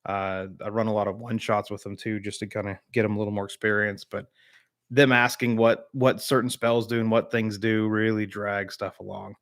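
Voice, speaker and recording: A man's voice: lowish voice, little pitch movement, moderate pace. Rambling man from the American South. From Southern United States. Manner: rambling, filler-heavy, replies to chat by name. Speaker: streamer hosting a live chat. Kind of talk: casual live-stream chat.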